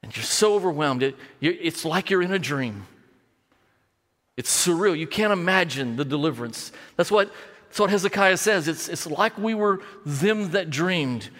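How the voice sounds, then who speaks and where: A man preaching a sermon, rising into an impassioned, animated retelling with many repeated words. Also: moderate pace, in a large hall. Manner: builds to impassioned, higher-pitched delivery when retelling.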